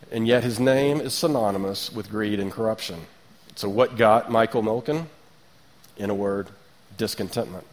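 Man, thirties, low voice, conversational preacher who uses rhetorical asides. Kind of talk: sermon.

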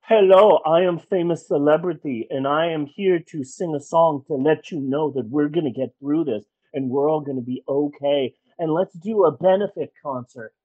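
A woman's voice: low voice, normal speed, few pauses, dark tone, lo-fi sound, pitched below the performer's own voice. A woman putting on the voice of a smug, self-important celebrity in a mocking parody. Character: smug, fake-caring celebrity, either sex, adult.

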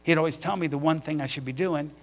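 A middle-aged man preaches a sermon, telling personal stories from the pulpit. His voice sits a little high and has a gravelly edge, and he builds to animated emphasis. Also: fast. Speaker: pastor.

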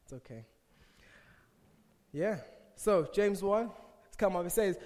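Young man, African accent, slightly high voice, joking youth-church speaker in a reverberant hall. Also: lively intonation, takes it slowly, pauses often, a little mellow. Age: young adult. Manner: playful, teasing asides to the crowd. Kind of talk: church talk with jokes.

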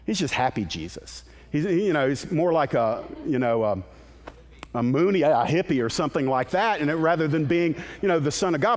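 A man's voice: fairly high pitch, animated, moderate pace, in a large hall. A male pastor preaching a sermon in a conversational, emphatic way, with asides to the congregation.

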